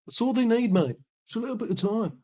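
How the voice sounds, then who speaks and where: A man's voice: extremely high pitch, animated, fast talker, dark tone. A young man ranting in a football vlog, swearing and mocking in an exasperated way. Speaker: football vlogger.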